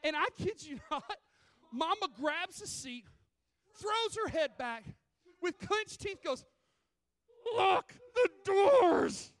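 A man's voice: very high-pitched, takes it slowly. A man preaching a sermon in a church, telling stories and acting out other people's voices. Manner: animated, acts out voices in stories. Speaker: pastor. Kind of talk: sermon with storytelling. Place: church sanctuary.

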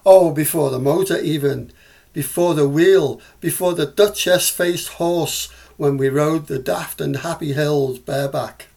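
A man's voice: fairly high pitch, measured pace, vocal fry, a little mellow. A man with a Scouse accent reading the part of a grown man fondly recalling his boyhood. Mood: wistful.

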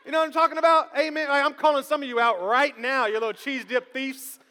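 A male pastor preaching a lively, humorous sermon and calling out to the congregation. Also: extremely high pitch, fast. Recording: long reverb of a large hall.

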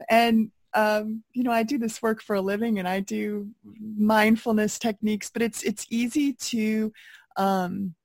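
A woman hosting a podcast interview, pausing and restarting as she frames her questions. Her voice sits at an everyday middle pitch. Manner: halting, stumbling restarts. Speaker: podcast host. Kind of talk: interview conversation.

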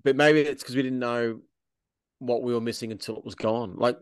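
Animated man, dry sound. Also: medium pitch, brisk, smooth, no room sound. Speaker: podcast co-host. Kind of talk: casual sports chat.

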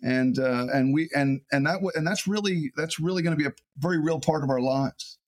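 A man, a pastor, preaching a sermon in an animated way, often repeating words as he builds a point. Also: a little high, brisk.

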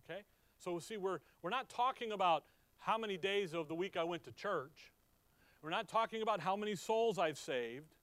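A man teaching a sermon through a Bible passage, asking the congregation questions and checking that they follow. He swings from emphatic peaks to low, quiet asides. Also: dry recording. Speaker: pastor.

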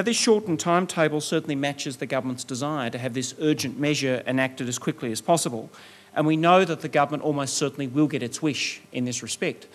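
Man, Australian accent, middle-aged, guest lecturer, formal lecture, measured delivery, mid-range voice. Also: mid-range voice. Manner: measured, articulate argument.

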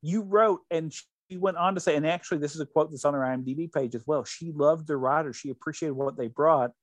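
Man with a rambling, animated storytelling manner. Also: fairly high pitch, quick pace, no room sound. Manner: rambling, with frequent restarts and animated retellings. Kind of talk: casual chat, retelling anecdotes.

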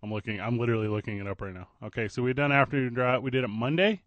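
A man's voice: medium pitch, no echo, muffled recording. A man hosting a casual morning sports talk radio show, joking and chatting with his co-host. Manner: jokey, chatty, quick banter.

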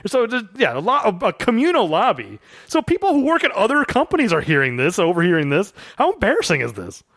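A young man with a fairly high voice talks through a movie in relaxed, chatty podcast fashion. He slips into character voices to act out lines. The sound is close and dry, with no room around it. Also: fast talker, no echo. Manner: animated, acts out movie quotes in character voices. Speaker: podcast co-host. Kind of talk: casual film discussion.

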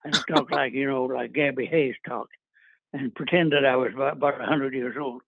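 An older man speaks in a somewhat husky, fairly high voice, spinning long anecdotes with lots of uhs and small laughs. The sound is thin and tinny, as over a telephone line, and very dry. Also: fairly quick, no echo. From New England. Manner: rambling anecdotes with chuckles and filler words. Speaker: guest actor. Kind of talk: casual interview storytelling.

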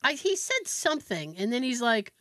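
A woman's voice: a little high, big pitch swings, normal speed, fairly bright tone, no room sound, studio quality. A woman co-hosting a podcast in casual chat, telling a long story with lots of restarts. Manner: rambling storyteller, trails off and restarts. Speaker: podcast co-host.

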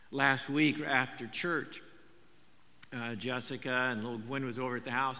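Older male pastor, bright voice, echoing hall. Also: mid-range voice, normal speed. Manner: conversational, animated storytelling with repetitions. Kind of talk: sermon. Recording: long hall reverb.

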